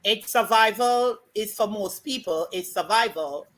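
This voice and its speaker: A woman with a Jamaican accent, chatting and telling folk stories with lively acted-out voices. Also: medium pitch, a little slow, rough recording. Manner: animated storytelling, acts out voices. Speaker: storyteller guest. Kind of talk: casual chat.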